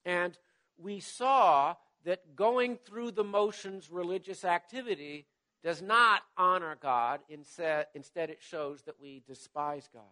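A man preaching a sermon to his congregation and reading scripture aloud, measured and emphatic, his voice dropping away at the end of phrases. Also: high-pitched, pushed and bright. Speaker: pastor.

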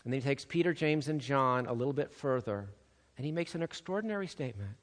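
A man preaching a sermon, swinging between loud, urgent emphasis and hushed, soft passages. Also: mid-range voice, expressive, fast. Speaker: pastor. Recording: long reverb of a large hall.

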